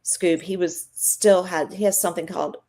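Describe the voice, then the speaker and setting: A woman's voice: fairly low pitch, fairly even intonation, normal speed, warm tone. A middle-aged woman, guest on a live stream, telling an emotional faith and healing story in a chatty, earnest way.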